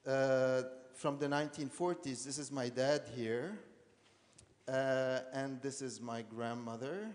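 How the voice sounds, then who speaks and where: Halting man in a reverberant hall. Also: medium pitch, a little mellow. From Lebanon. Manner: hesitant, repeats words, many fillers. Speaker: artist giving a talk. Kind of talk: personal storytelling talk.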